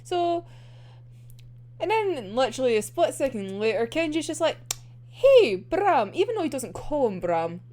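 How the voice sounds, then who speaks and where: A woman's voice: sits high, big pitch swings, normal speed, warm tone. A woman hosting a casual manga chapter review, laughing often and swearing freely as she gushes like a fan. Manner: giggly, laughs often between sentences; gushing fan enthusiasm.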